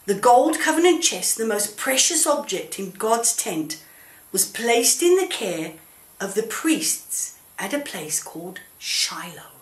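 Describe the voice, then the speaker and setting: A woman telling a children's Bible story in church, gently coaxing and asking questions of a puppet. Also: mid-range voice, sing-song, takes it slowly. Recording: roomy echo.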